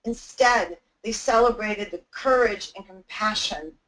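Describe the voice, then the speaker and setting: A woman's voice: mid-range voice, unhurried, fairly bright tone, slight background noise, poor audio. A woman giving an anti-bullying webinar talk, telling a personal story in an earnest, heartfelt way.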